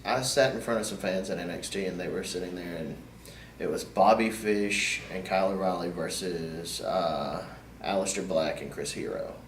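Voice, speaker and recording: A man guest on a wrestling podcast, telling stories in a casual, animated way that turns loud when he gets worked up. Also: low voice, normal speed, slight background noise. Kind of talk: casual storytelling chat. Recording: roomy echo, distant mic, faint ambience.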